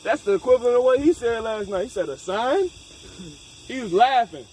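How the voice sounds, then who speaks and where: A man's voice: very high voice, fast, darkish tone, a little hiss or hum, low-quality recording. A man leading a casual scripture discussion, emphatic and profane, mixing street slang with Bible reading. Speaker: scripture study leader.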